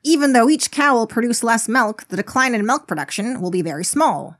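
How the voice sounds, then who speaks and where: A woman's voice: a little high, animated, a little fast, a bit bright, pitched above the performer's own voice. Woman doing a smug farmer who admires himself. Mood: self-assured. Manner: self-satisfied, talks to himself. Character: smug self-admiring male village farmer.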